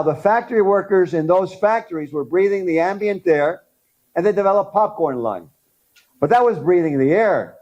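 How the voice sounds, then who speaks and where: A middle-aged man of Cuban background giving an animated talk at a dental conference, firing questions at the audience. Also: on the high side, lo-fi sound.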